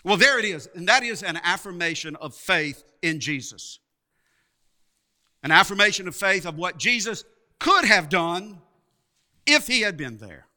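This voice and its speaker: Slow, emphatic preacher with a bright voice. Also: male voice, sits high, sing-song. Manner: slow, emphatic preaching with dramatic pauses and repeated words. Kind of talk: sermon.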